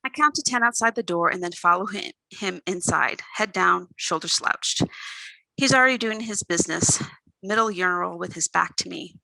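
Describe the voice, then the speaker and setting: A woman author reading her own novel aloud in an expressive first-person storytelling voice. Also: lowish voice, moderate pace, gravelly, no room sound, low-quality recording.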